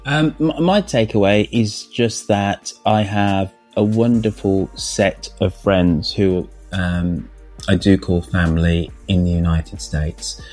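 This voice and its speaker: A man's voice: low-pitched, takes it slowly, faint music behind. A middle-aged man from England with a British accent, hosting a casual podcast chat and stumbling over repeated words when he gets going. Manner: lively, chatty, repeats words when excited. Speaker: podcast host.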